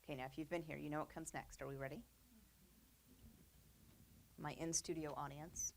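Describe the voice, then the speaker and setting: A woman's voice: low-pitched, steady tone, normal speed, gravelly, a little hiss or hum. Chatty woman teaching a quilting demo. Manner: chatty, upbeat, with fillers and little laughs. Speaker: quilting instructor. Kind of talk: casual demonstration lesson. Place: studio.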